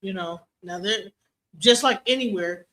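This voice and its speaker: A woman from Detroit hosting a streamed talk show, talking bluntly and swearing freely as she tells animated stories. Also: medium pitch, measured pace, a little hiss or hum. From Detroit, USA. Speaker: DJ and stream host.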